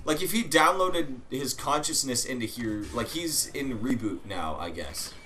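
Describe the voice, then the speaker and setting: A man hosting a let's play, chatting casually over gameplay with sudden excited outbursts and swearing. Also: medium pitch, a little slow, hardly any pauses, a little hiss or hum.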